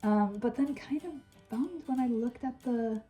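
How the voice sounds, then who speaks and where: Young woman, casual vlogger; dark mellow voice, loose and chatty. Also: a little high, measured pace, soft background music, rough recording. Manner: chatty, filler-heavy, candid. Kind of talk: casual vlog chat.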